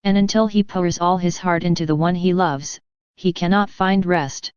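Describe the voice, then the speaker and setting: A woman reading the lines of Jesus as a gentle, loving divine speaker, slow and solemn, in a devotional reading. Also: lowish voice, fairly even intonation, clear, resonant tone, dry recording, natural voice. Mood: tender solemn. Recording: dull lo-fi dry recording.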